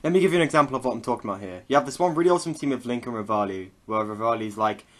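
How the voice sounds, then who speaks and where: A man's voice: medium pitch, lively intonation, racing, hardly any pauses, a bit bright. A young man giving a casual, sweary, sarcastic video game review. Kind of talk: casual ranting commentary.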